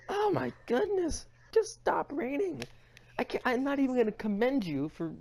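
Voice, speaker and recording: A podcast co-host with a high, darkish-toned voice launches into a theatrical comedic rant, swearing heavily and pretending to cry.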